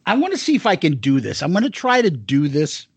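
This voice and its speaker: A man's voice: a little high, huge pitch swings, brisk, slightly rough, dry recording. A man co-hosting a podcast in loose, rambling casual chat full of fillers. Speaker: podcast co-host.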